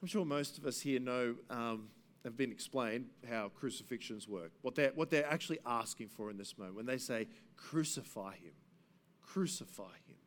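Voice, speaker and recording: A man preaching an expository sermon as pastor, earnest, rising for emphasis and dropping to hushed passages. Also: moderate pace. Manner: earnest, swings between raised emphasis and hushed low passages.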